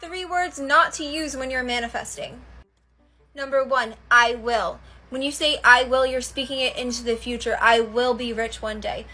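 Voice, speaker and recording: Bright, emphatic woman giving tips. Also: high-pitched, a little hiss or hum. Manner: emphatic and confident. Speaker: manifestation coach. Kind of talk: instructional tips to camera.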